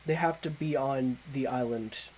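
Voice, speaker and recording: A game master voicing a cautious druid who guards a magic flower, speaking in a measured, deliberate way during tabletop role-play. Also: medium pitch, darkish tone, slight background noise, close to an everyday voice. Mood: guarded.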